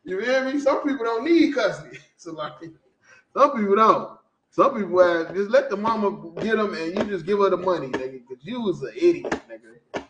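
High-voiced man doing mocking commentary. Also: a little fast, reverberant, lo-fi sound, a little hiss or hum. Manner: animated, profane, laughing often. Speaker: podcast host.

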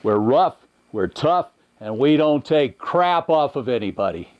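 A man's voice: mid-range voice, big pitch swings, a little slow, dull audio. A man voicing a rugged, boastful Western cowboy. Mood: tough.

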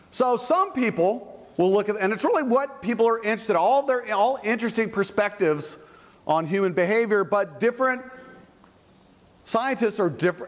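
A man lecturing as a university psychology professor, talking in a conversational, playful way with frequent asides. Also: sits high. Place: large lecture hall. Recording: echoey lecture hall.

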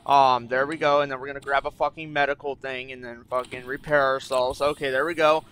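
A man's voice: mid-range voice, flat delivery, fairly quick, a bit bright, clear, resonant tone. A young man giving casual gameplay commentary, thinking aloud, getting frustrated and swearing often. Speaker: gaming YouTuber.

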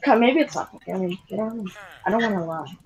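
A woman's voice: medium pitch, animated, quick pace, lo-fi sound. A woman telling a rambling story in casual chat while gaming, full of fillers and restarts. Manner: rambling, giggly, repeats filler words.

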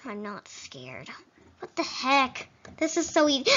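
A woman doing let's-play commentary on a video game, excitable, dramatic and easily flustered. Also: high voice, moderate pace, slightly rough. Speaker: gaming video creator. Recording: dull lo-fi recording.

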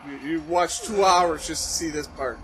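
A man hosting a casual anime reaction, excitable, swearing and yelling at the screen. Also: on the high side, moderate pace, crowd noise.

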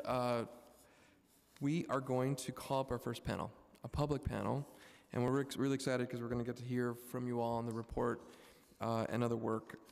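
A man's voice: medium pitch, gravelly, darkish tone. A man chairing a public hearing, calling up a panel in a loose, friendly way with restarts. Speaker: committee chair. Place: council committee room. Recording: long hall reverb.

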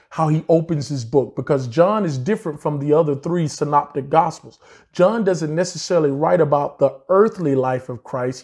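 A man delivers Bible teaching in an emphatic sermon style. His voice sits a little high but sounds mellow and relaxed. He repeats key phrases and slows down to drive each point home.

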